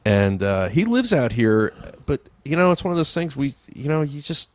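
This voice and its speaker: An easygoing man chatting as a podcast guest, reflective and friendly in tone. His pitch moves around a lot, and the recording is close and dry. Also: animated, moderate pace, dry recording. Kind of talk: casual chat.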